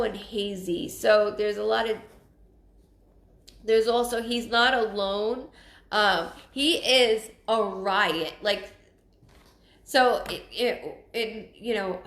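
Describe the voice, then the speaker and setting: A woman giving a live psychic reading, earnest and emotional, halting and often restarting her sentences. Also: a little high, fairly bright tone, reverberant. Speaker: psychic medium. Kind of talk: live-streamed spirit reading.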